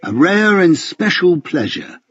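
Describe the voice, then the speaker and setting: A man's voice: high voice, big pitch swings, unhurried, fairly bright tone, husky, dry recording, lo-fi sound, voice pushed up, heavily acted. A man voicing a suave, ironic male spy handler in an audiobook, mock-formal and dryly polite. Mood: teasing. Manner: mock-formal and dryly polite, calls others sir and master. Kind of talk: audiobook character voice.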